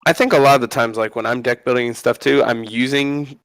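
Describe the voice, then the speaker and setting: A man's voice: mid-range voice, fairly even intonation, a little fast, fairly bright tone, no echo, low-quality recording. Eager, rambling man on a podcast. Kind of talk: casual gaming podcast chat.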